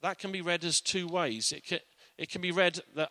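A man's voice: on the high side, brisk, few pauses, sharp tone, no echo. A man giving an informal, earnest Bible teaching in a conversational way.

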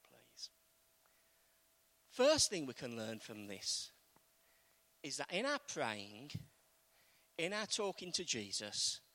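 Slow, lively preacher. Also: male voice, on the high side. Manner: conversational, asks the congregation questions, acts out quotes. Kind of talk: sermon.

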